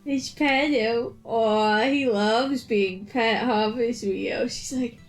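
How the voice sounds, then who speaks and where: Woman, game streamer, high voice, very slow drawl, gushing baby-talk, laughs often. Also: faint music behind. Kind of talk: casual game-stream chat.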